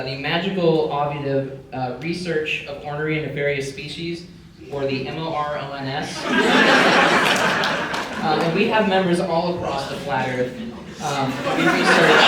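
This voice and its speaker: A young man hosts a mock-serious comedy panel, rambling with plenty of "um" and "like" as he spins a conspiratorial tale. His voice sits fairly high for a man. He is heard from some distance in a very echoey, noisy hall. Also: a little slow. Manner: deadpan mock-conspiratorial, chatty with many fillers. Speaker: panel host. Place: convention panel room with audience. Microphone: room microphone.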